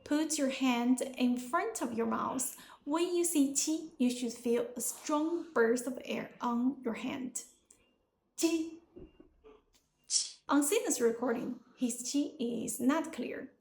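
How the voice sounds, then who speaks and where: Young Chinese-accented woman language teacher, unhurried and deliberate delivery. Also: high voice, creaky, a little mellow, echoey room, slight background noise. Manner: slow, careful, deliberate explanation. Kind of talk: pronunciation lesson.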